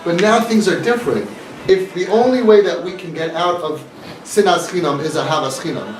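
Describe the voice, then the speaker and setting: A man's voice: on the high side, brisk, faint music behind. A man giving an earnest, emphatic talk to an audience, repeating his points, recorded from a distance. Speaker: inspirational speaker. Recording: echoey room, mic far off, faint noise.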